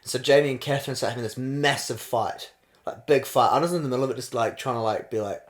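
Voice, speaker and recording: Young man, New Zealand accent, podcast co-host, casual storytelling, animated. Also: medium pitch, fast. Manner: animated, laughing while telling a wild story.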